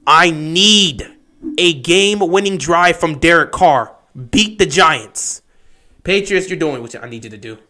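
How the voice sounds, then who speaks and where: A young man hosting a livestream, giving excitable play-by-play reactions to football games that swing from shouting to muttering. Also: on the high side, measured pace. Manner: excitable, shouts at big plays then mutters. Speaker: livestream host. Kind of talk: live football watch-along commentary.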